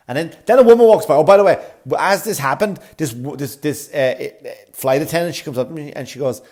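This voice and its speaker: A man, a comedy podcast host from Ireland, telling a sarcastic, profane travel story with animated delivery. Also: mid-range voice, moderate pace. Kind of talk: comic storytelling.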